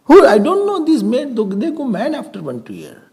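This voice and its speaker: Animated gravelly man giving a spiritual talk. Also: extremely high pitch, moderate pace. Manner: animated, acts out everyday dialogues and laughs often. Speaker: swami giving a scripture talk. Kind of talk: spiritual discourse.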